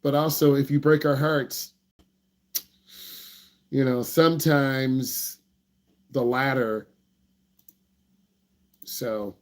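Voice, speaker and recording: A man teaching driving on a live online Q&A, lively and joking, acting out parents as he talks. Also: mid-range voice, very slow, long pauses. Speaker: driving instructor.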